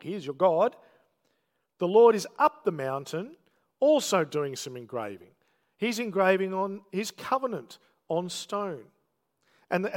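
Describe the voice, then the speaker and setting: A man's voice: high voice, long reverb tail. A man preaching a sermon, telling the story with emphatic, dramatic delivery and quoted lines.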